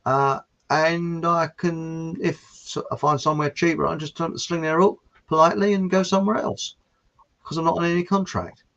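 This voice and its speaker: A man's voice: fairly high pitch, steady tone, normal speed, a bit bright. Chatty man with a lo-fi sound. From southern England. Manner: chatty, tells long jokes, laughs at own jokes. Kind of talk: rambling casual chat with jokes. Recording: dull lo-fi sound.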